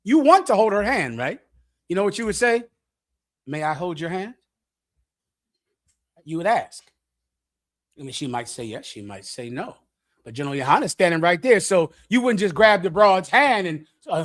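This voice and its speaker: A middle-aged man preaching bluntly to young listeners, lecturing and swinging between loud and hushed delivery. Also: high voice, sing-song, moderate pace. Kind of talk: street sermon with audience questions.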